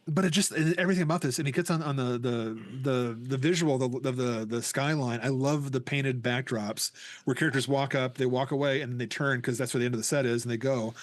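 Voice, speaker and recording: Excited guy rambling on a podcast, lots of restarts, dry close sound. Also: medium pitch, dry recording. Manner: enthusiastic, rambling with many restarts. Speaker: podcast host. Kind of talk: casual chat.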